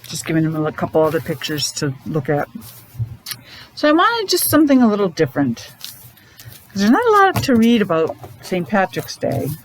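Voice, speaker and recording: A woman's voice: mid-range voice, wildly swooping pitch, moderate pace, a little hiss or hum, low-quality recording. A woman teacher leading a morning meeting for young children, talking in an exaggerated, encouraging sing-song.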